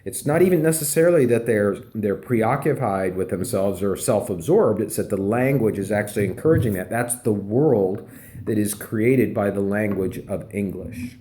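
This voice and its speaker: A man's voice: on the low side, expressive, moderate pace, warm tone. A man, a professor, giving a conversational recorded lecture with fillers and emphatic repeats. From Pennsylvania.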